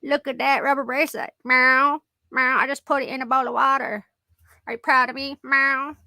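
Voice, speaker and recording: A woman voicing a weird, bullying male house cat that brags and taunts between meows, in a gravelly, raised voice. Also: high voice, little pitch movement, normal speed, sharp tone, no room sound, clean studio sound, voice pushed up. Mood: proud. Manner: boastful meowing taunts.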